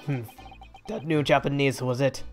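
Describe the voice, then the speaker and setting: Woman putting on a gruff Russian sailor. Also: very deep voice, steady tone, moderate pace, a little mellow, faint music behind, pitched below the performer's own voice. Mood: menacing. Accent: attempted Russian. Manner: bossy, barking questions. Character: gruff male Russian ship's sailor, suspicious.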